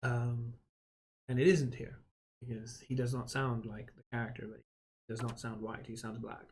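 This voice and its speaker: A man's voice: mid-range voice, little pitch movement, normal speed, darkish tone, slight background noise. A man streaming a game and giving a rambling, opinionated rant with many restarts, swearing casually. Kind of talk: casual live-stream commentary.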